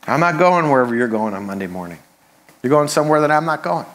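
A man's voice: on the high side, sing-song, fast, a bit bright. A man, a pastor, preaching a conversational sermon with humorous asides.

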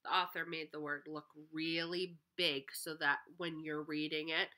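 A young woman, a kindergarten teacher, reading a picture book aloud to small children in an expressive, sing-song way and chatting with them between pages. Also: deep voice, normal speed, few pauses.

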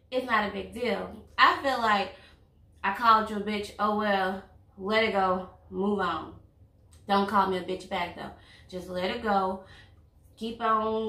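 A woman's voice: mid-range voice, gravelly, sharp tone. A woman, talking bluntly and outspokenly in a casual couple chat over a meal. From Louisiana. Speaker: vlog host, girlfriend. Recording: echoey room, mic at a distance.

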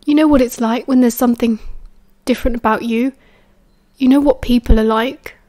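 Woman reading as a weary, calm British schoolboy. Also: on the high side, no echo, close to an everyday voice. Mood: pleading. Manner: soft, tired and measured. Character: weary, calm teenage boy wizard.

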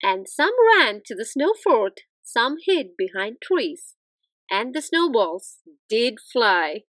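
A woman reads a children's picture book aloud at an unhurried pace, her voice sitting a little high. She rides the lines with a bouncy, sing-song lilt that keeps the story expressive. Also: no echo. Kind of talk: children's read-aloud narration.

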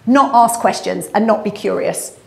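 A woman's voice: medium pitch, normal speed, creaky, slightly rough. A middle-aged woman with a South London accent, a graduate recruitment head answering interview questions in a chatty, upbeat way. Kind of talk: casual walk-and-talk interview.

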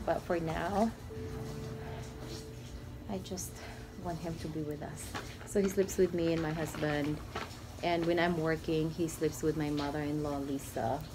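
A woman in her master bedroom at home, talking to her baby and reading a picture book aloud in a sing-song way. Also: deep voice. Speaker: mother and family vlogger.

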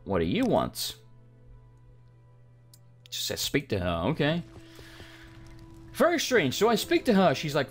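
Gamer, sarcastic and sweary, animated delivery over faint game music. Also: male voice, fairly high pitch, a little slow, long pauses. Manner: sarcastic, swears, mutters to himself. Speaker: let's play gamer. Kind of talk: casual gameplay commentary, reading game dialogue aloud.

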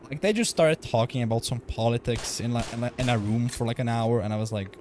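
A man's voice: medium pitch, a little fast, darkish tone, a little hiss or hum. A young man streaming a video game from home, rambling casually, swearing and laughing often. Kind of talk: casual gaming livestream chat.

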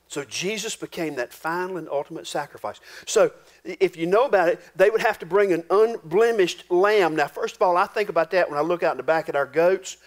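A man with a fairly high voice preaching to his congregation. His talk is folksy and homespun, full of rural turns of phrase, and he sinks his voice low and quiet for the weighty points. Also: brisk. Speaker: pastor. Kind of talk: sermon.

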